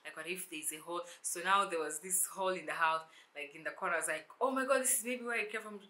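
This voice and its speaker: Bright, animated woman. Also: on the low side, fast talker. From South Sudan. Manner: animated, acts out dialogue in shifting voices. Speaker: YouTuber. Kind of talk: storytime vlog.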